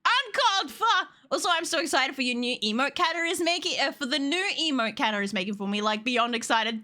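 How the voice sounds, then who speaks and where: A young adult woman chatting casually on a livestream, excitable, laughing often and swearing freely. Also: sits high, a little fast, few pauses. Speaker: streamer.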